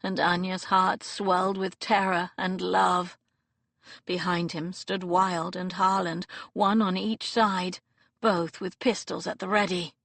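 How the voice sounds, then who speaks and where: A woman narrating an audiobook in an expressive, dramatic reading. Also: fairly low pitch, a little slow, no echo. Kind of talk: scripted narration. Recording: dry close studio recording.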